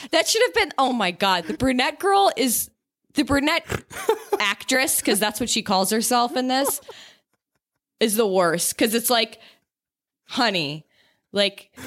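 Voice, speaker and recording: A woman's voice: fairly high pitch, a bit bright. Wry woman guest on a podcast. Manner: wry, joking asides. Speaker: guest co-host. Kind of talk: casual chat.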